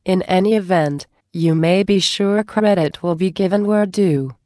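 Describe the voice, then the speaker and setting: A brisk female captain gives crisp orders, voiced by a woman reader. Her tone stays low and measured, close and dry. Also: dark tone, dry recording, close to an everyday voice. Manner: crisp, authoritative.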